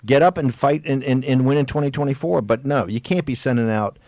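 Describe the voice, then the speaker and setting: A man of middle pitch hosting political talk radio in a hard-driving, exhorting manner. He leans on stressed words and stretches them out, and restarts phrases as he pushes on. The sound is dry and close to the mic. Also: a little fast, a little mellow, dry recording.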